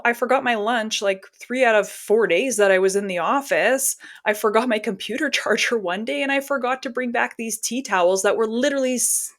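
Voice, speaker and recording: Her pitch is medium and her tone a bit bright. She's a podcast guest in her forties, recounting something from her own life in a relaxed way, with quick bursts of laughter and little performed lines of dialogue.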